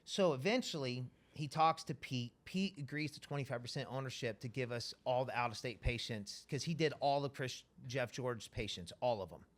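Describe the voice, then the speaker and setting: A man spinning a yarn as a podcast guest, mid-pitched and loose, swearing freely and slipping into the voices of the people in his tale. His delivery is animated and conversational. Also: moderate pace, hardly any pauses. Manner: profane, animated, acts out quoted dialogue. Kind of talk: casual storytelling.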